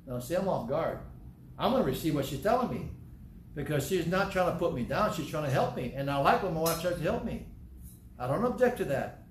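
A man's voice: on the high side, big pitch swings, a little fast, reverberant, slight background noise. A man with a Southern American accent, preaching a sermon in a folksy, conversational way with personal asides, then leading a prayer. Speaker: pastor.

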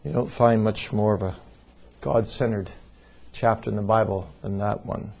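A man's voice: on the low side, steady tone, moderate pace, gravelly, darkish tone. A man giving a seminary theology lecture, reading scripture with strong emphasis and leading a prayer.

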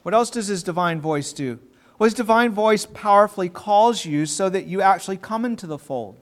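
A man's voice: high-pitched, animated, moderate pace. A man preaching a sermon in an earnest, emphatic way, drawing out key words and repeating himself as he restarts.

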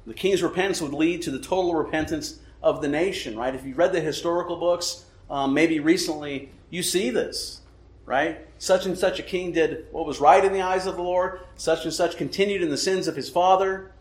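A man's voice: on the high side, moderate pace. A man preaching a sermon, emphatic, often asking rhetorical questions and checking in with "right?". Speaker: pastor. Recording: echoey room.

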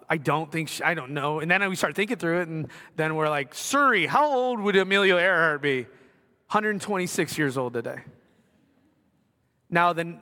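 A man's voice: fairly high pitch, sharp tone. A middle-aged man preaching a sermon in a school gymnasium, talking in a conversational way with self-deprecating asides. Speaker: pastor. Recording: long reverb of a gymnasium.

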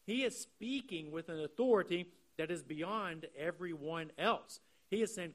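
A man preaching an expository sermon. He explains the text earnestly and slows down to stress key phrases. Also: a little high, fairly bright tone. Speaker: pastor.

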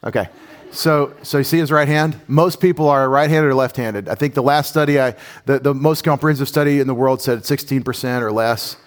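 Animated male pastor, conversational sermon with audience questions, mid-range voice. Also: medium pitch, brisk.

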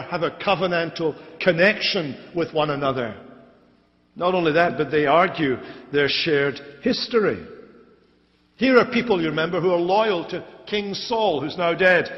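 High-voiced male preacher, emphatic, repeats phrases to drive them home; dull lo-fi tape with long church reverb. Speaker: pastor. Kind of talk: expository sermon. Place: church sanctuary.

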